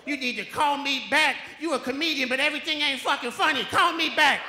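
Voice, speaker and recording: A woman's voice: sits high, pushed and bright, slight background noise, pitched above the performer's own voice. A man doing a scolding old grandmother in her eighties. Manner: slow, fussy scolding. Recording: echoey hall, live stage.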